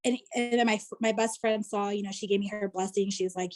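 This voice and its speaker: Speaking fairly quickly at a medium pitch and with fairly even intonation, this U.S. woman shares a personal anecdote as a guest on a video call. She's chatty throughout, leaning constantly on "like" and "you know."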